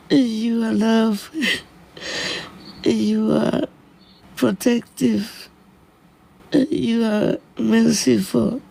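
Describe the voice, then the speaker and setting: A man speaking as a disciple to his spiritual teacher, in an earnest, halting plea of short broken phrases. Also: very high voice, creaky, darkish tone, poor audio. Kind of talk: heartfelt personal plea.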